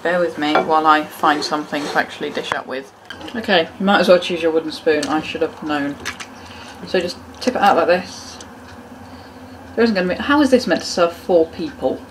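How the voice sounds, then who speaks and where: A woman's voice: low voice, brisk. A woman hosting a casual cooking demonstration in a home kitchen, chatting along with joking, self-mocking asides. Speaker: cooking video host. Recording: noisy kitchen with clattering pans. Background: cutlery, pots and kitchen ambience.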